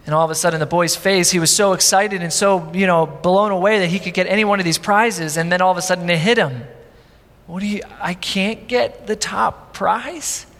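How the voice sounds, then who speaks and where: A man's voice: high-pitched, fast talker, few pauses, big-room sound. A male pastor preaching a sermon in a conversational, storytelling way, acting out the people in his story. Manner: animated, conversational, acts out quotes.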